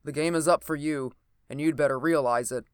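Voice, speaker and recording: A reader voicing a male Secret Service agent who speaks sharply and briskly, recorded dry and close. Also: mid-range voice, clear, resonant tone, no room sound, natural voice. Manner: sharp, terse.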